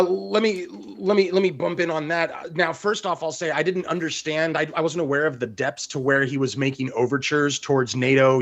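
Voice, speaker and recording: Male guest, higher register; measured, polite, a bit hesitant. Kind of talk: casual political chat.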